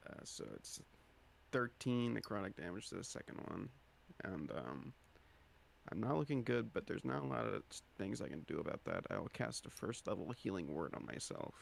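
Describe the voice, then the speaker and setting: A man's voice: low-pitched, very animated, moderate pace, gravelly. A man playing in a tabletop game, hesitant and full of fillers. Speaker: player.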